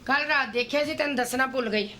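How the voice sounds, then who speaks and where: Teasing wife, rapid speech. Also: female voice, sits high, pushed and bright, a little hiss or hum. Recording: sitcom audio with audience laughter.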